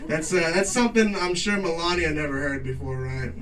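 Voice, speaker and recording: Late-night host, male, high-pitched, hypes the crowd and cracks crude jokes; off-mic sound. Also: expressive, fairly quick, far from the mic, rough recording. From Mexico. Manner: loud hype-man announcing to a crowd; casual profane joking. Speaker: talk show host. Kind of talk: stand-up monologue. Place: garage studio with live audience.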